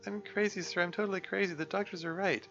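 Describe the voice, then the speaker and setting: A man voicing a frightened young girl who speaks in a high, pleading way. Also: steady tone, quick pace, creaky, pushed and bright, dull audio, faint music behind, exaggerated voice. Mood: earnest.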